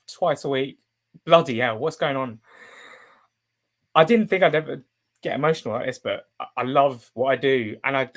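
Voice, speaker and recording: A young man, a football journalist chatting casually on a live stream, rambling with fillers and restarts and breaking into emotional, excitable bursts. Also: mid-range voice.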